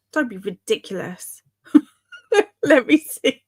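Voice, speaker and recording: A woman's voice: medium pitch, a little slow. A young woman hosting a live stream, chatting casually and reading viewer comments aloud in a giggly, bemused way. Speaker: livestream host.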